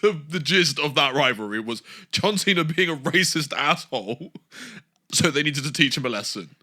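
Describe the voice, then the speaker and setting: A young male co-host in an easy podcast conversation. His voice is bright and lively, with a slightly high pitch. He keeps breaking into laughter and drops swear words freely. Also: moderate pace. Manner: laughs often, swears, does mocking impressions. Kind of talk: casual chat.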